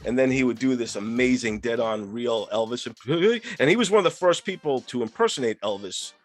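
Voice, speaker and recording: A man at mid pitch hosts a casual podcast chat, talking loosely and laughing often. There is faint music underneath. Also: expressive, a little fast, no room sound. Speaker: podcast host.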